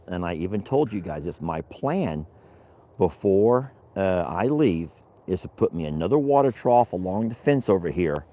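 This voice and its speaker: Deep and dark-toned, a rancher casually narrates a vlog while handling chores outside. He rambles in a folksy style and talks to his animals, heard through a dull, lo-fi outdoor recording.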